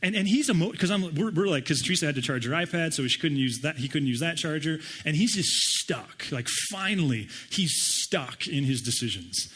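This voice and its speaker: Middle-aged man, pastor, fairly high voice, animated, self-deprecating sermon storytelling. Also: fairly quick, hardly any pauses, husky. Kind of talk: sermon with personal stories.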